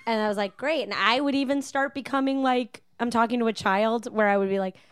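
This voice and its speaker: A woman guest on a podcast telling restaurant stories in a lively, laughing way and mimicking customers' voices. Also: on the high side, brisk, clean tone, no echo, studio quality. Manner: animated storyteller, mimics customers, laughs often. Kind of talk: casual chat.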